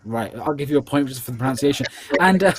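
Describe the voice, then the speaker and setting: A man hosting a live online charity quiz, reading questions slowly and slipping in joking asides. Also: medium pitch, expressive, slight background noise. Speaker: quiz host. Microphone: earbud headset.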